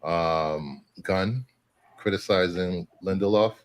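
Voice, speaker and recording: A man chatting on a panel podcast in a halting way, often restarting his sentences. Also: sits low. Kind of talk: casual panel chat.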